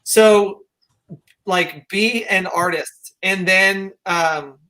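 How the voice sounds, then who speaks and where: Bright-voiced man hosting on a video call. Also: high-pitched, very slow, rough recording. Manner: enthusiastic, rambling questions. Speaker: host. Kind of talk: live panel interview.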